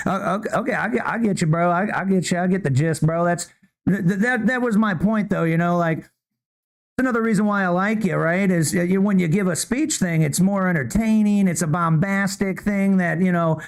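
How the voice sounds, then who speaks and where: A man's voice: high voice, fairly quick. A young man co-hosting a podcast in casual chat, rambling with stammers and restarts, tossing in "bro" and "man". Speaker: podcast co-host.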